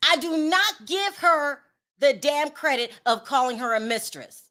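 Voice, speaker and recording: A sassy woman commentator speaks high and bright. She calls people out bluntly and plays to her audience. Her delivery is informal and unfiltered. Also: lively intonation, a little slow. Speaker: commentary channel host. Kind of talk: opinionated gossip commentary.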